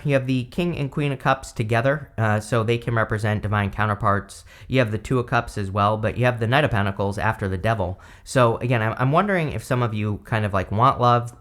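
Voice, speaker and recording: A man's voice: lowish voice, fairly bright tone. A man giving a casual tarot reading, talking loosely with many fillers and self-corrections. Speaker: tarot reader.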